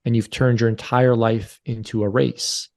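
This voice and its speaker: A man's voice: mid-range voice, level tone, moderate pace, vocal fry, a little mellow. Podcast guest, man in his forties, earnest and confessional storyteller who repeats himself, mid-range voice. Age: 40s. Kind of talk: candid interview storytelling.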